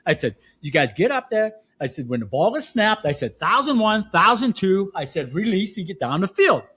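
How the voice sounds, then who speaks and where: Animated older coach telling stories. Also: male voice, high-pitched, normal speed, husky. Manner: animated, laughing, acts out shouted quotes. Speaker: guest football coach. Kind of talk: casual storytelling.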